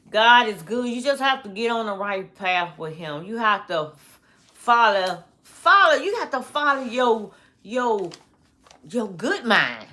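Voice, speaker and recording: A woman vlogger, talking slowly in a rambling monologue, repeating phrases and often breaking into laughter. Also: mid-range voice, bright, forceful tone.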